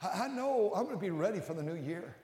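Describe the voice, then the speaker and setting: An older man preaching a sermon as a pastor. He climbs to loud, emphatic peaks and then drops low and close. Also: lively intonation, fast. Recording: echoey hall with long reverb.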